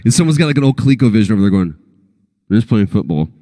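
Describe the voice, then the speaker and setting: A man in his forties, a voice actor telling animated stories at a convention panel and acting out the quotes. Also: lowish voice, very fast. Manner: animated storyteller, acts out quotes. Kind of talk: anecdotal panel talk.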